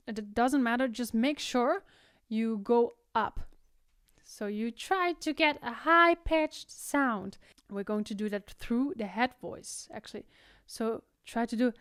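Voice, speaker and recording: A woman teaching singing, explaining technique and breaking into loud, high vocal exercises between her explanations. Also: clear, resonant tone, no echo, clean studio sound. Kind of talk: vocal tutorial with sung demonstrations.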